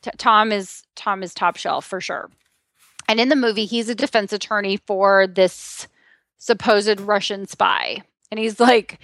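A middle-aged woman author talking as a podcast guest, animated and laughing often as she acts out quotes. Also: medium pitch, normal speed, no room sound, clean studio sound. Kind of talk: casual podcast interview. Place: lives in Texas.

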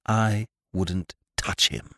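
A man's voice: low voice, moderate pace, bright, forceful tone, slightly rough, no echo, studio quality, heavily acted. A man voicing a bitter, wounded young woman in an audiobook reading, with a hopeless edge that turns fierce.

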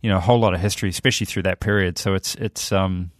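A racing driver from New Zealand talks in a brisk, easygoing patter, leaning on "you know" as he goes. His voice sits low. The sound is close and dry, recorded in a studio. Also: no echo. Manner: relaxed, peppered with "you know" fillers. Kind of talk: casual interview chat. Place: podcast studio.

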